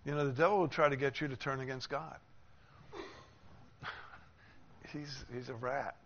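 Preaching at a measured pace in a mid-range voice, this man works through a passage and voices the people in it, building emphasis as he quotes them. He's expressive throughout, and the audio is a little dull with a faint hiss.

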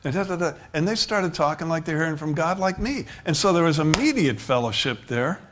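A man preaching a sermon, his voice sitting a little high for a man. He talks conversationally, stumbling over restarts and breaking into chuckles as he drifts between points. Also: lively intonation, a little fast, fairly bright tone. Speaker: pastor.

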